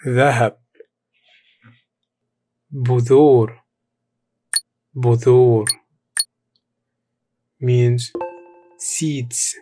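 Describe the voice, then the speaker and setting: Man running a beginner lesson, super slow and drawn out, keeps repeating words and cheering you on. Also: medium pitch, steady tone, darkish tone, a little hiss or hum. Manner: encouraging, repeats each word slowly for practice. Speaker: Arabic teacher. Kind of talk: scripted beginner language lesson.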